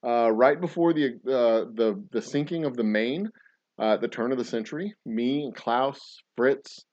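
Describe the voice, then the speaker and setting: A playful man chats casually as he mixes a drink, rambling into far-fetched stories that he tells with a straight face. His voice sits at a middle pitch, and the recording sounds a little dull. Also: normal speed, a little mellow. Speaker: podcast host and distiller. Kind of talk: casual chat while mixing a cocktail.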